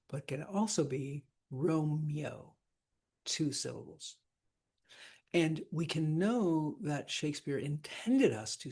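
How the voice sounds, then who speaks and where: A man with a fairly high, darkish voice, some vocal fry and a breathy edge casually teaches verse scansion. He keeps asking "right?" and reads lines aloud slowly.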